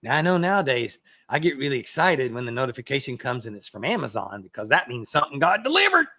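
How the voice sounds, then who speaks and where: A man's voice: mid-range voice, sing-song, quick pace, pushed and bright, no echo. A man preaching a sermon as a pastor, in a conversational way that acts out everyday excuses.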